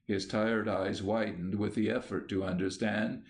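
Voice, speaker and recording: Slow, gentle male audiobook narrator. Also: fairly low pitch. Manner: slow, gentle, even delivery. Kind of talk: calm scripted narration.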